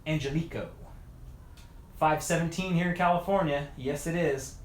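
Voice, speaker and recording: A man's voice: on the high side, moderate pace. A tired man chatting to a livestream audience and muttering to himself while he works on a bike. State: tired after hours of work. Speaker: mountain bike video creator. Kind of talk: casual livestream chat while wrenching. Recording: echoey room with faint noise.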